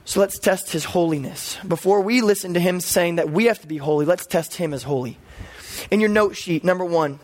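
A male pastor preaching a teaching sermon in a high, light voice. He walks through scripture point by point and drops in playful asides as he goes.

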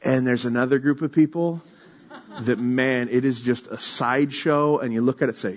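Guy preaching a sermon, tells stories and acts out the quotes, medium-pitched voice. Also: moderate pace. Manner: animated storyteller, acts out quotes. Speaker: pastor. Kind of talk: sermon with storytelling.

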